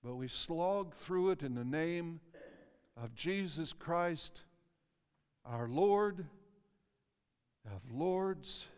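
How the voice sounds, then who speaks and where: A male pastor preaching a sermon, reading scripture slowly and emphatically, swelling and dropping in intensity. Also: on the high side, animated, a little mellow, smooth, in a large hall.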